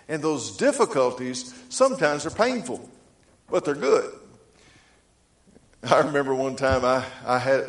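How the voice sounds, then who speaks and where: A male pastor preaching a sermon in a folksy storytelling way, acting out the voices in his stories. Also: mid-range voice. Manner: folksy storytelling, acts out dialogue. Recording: echoey room.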